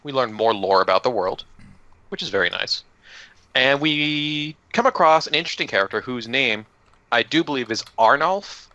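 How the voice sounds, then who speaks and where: A man's voice: medium pitch, normal speed, bright, forceful tone, no room sound. A man casually recapping a tabletop game session for his group, joking loosely and swearing now and then. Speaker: player recapping the last session. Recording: dull lo-fi audio.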